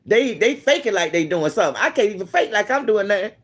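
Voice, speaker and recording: A man sits with a friend and tells a story in a loose, profane way, acting out every line people said to him. His voice sits fairly high and jumps up and down in pitch all the time. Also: quick pace. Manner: animated, profane, acts out quoted dialogue. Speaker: vlog host.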